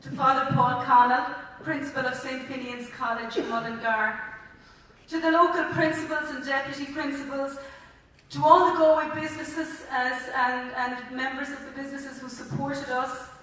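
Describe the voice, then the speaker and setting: A woman's voice: sits high, flat delivery, normal speed, a bit bright. An Irish woman, a school principal, giving a heartfelt, chatty ceremony welcome speech with some stumbles, in a large indoor sports hall. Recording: echoey hall from far off.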